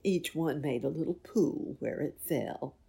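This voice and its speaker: A woman reading a children's story aloud in an expressive, unhurried way. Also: low-pitched, creaky, slightly rough.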